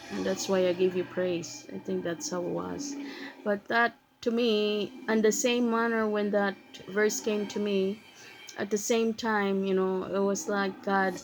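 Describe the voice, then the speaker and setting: A woman's voice: mid-range voice, poor audio. A woman giving a casual spoken testimony about her faith, earnest and repeating phrases as she recites verses with emphasis. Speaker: vlogger sharing a faith testimony.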